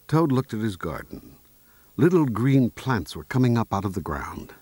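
A man reading a children's storybook aloud in a slow, clear, expressive way. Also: mid-range voice, no echo.

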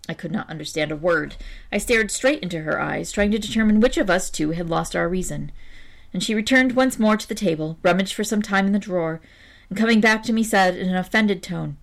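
A woman reading a story aloud in a measured audiobook narration. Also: mid-range voice, creaky.

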